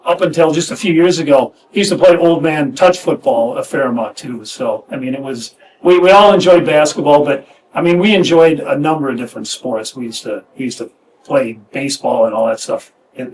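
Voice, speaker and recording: Middle-aged man reminiscing, halting and reflective, set back from the mic with a faint hum behind. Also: medium pitch, distant mic, rough recording. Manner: halting, reflective, many restarts. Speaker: former player reminiscing. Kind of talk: casual chat.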